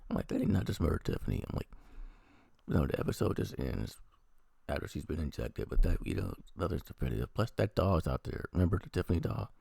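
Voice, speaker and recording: Male reviewer, Midwest, unwell; deep husky rasp, lively swings in pitch, sarcastic rambling delivery. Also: a little fast, dry recording, clean studio sound. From American Midwest. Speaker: TV episode reviewer. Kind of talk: casual spoken review.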